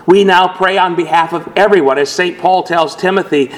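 A man's voice: high voice, normal speed, hardly any pauses, low-quality recording. A male pastor delivering an earnest sermon, voicing scripture quotations with dramatic emphasis.

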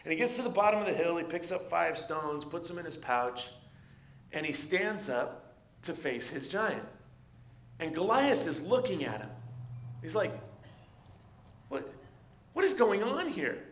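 A man's voice: fairly high pitch, normal speed, long pauses, slight background noise. Male pastor, conversational sermon, roomy echo. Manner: conversational, animated storytelling with asides.

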